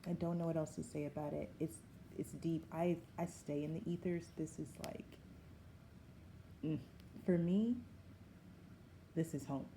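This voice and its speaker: A woman's voice: sits low, fairly even intonation, unhurried, long pauses, warm tone. A woman, giving an effusive, musing spiritual tarot reading. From Southern United States. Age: 40s. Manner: musing, effusive, often calls things wild. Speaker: tarot reader. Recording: echoey room with background noise.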